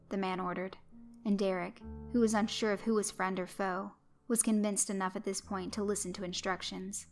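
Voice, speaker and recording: A woman reads a horror story aloud in a steady, even storytelling voice. Her pitch sits in the middle range. Faint background music runs under the narration. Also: moderate pace.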